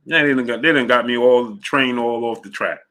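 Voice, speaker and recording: A man's voice: mid-range voice, fairly quick, sharp tone. Rambling man hosting a boxing stream. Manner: loose, rambling, drifts off track. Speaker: host of a live boxing show. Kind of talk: casual livestream chat reading super chats.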